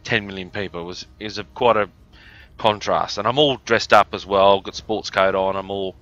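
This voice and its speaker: A man's voice: on the low side, steady tone, normal speed, fairly bright tone, no room sound, highs cut off. An Australian man from the outback with a cough, telling a rambling, crude, joking story on a live stream. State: has a cough. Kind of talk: casual storytelling.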